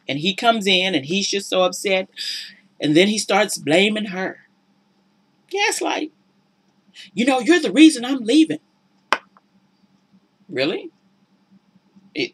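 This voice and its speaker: A woman's voice: lowish voice, a bit bright. A woman giving casual, sassy and preachy commentary on a reality show, exasperated with the people in it. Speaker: relationship commentator.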